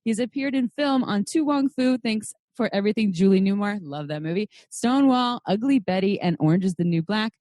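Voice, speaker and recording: An upbeat woman hosts a podcast, introducing her guest and reading out his bio. Her voice is mid-pitched and the sound is dry and close, with no room echo. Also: expressive, brisk, hardly any pauses, dark tone. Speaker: podcast host.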